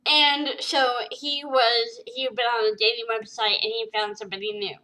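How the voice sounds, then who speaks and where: A woman with a bright, fairly high voice tells a personal story straight to camera. She speaks haltingly, full of fillers and restarts, and her emotion shows through. It is a vlog in her own voice. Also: level tone, rough recording. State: tearful at times. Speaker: vlogger.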